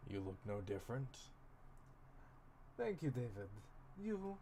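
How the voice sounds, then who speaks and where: A man's voice: medium pitch, sing-song, a little slow, mellow, a little hiss or hum. A man voicing a formal, curt French businessman in his late sixties, with a put-on French accent. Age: 60s. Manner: formal, clipped and stiff.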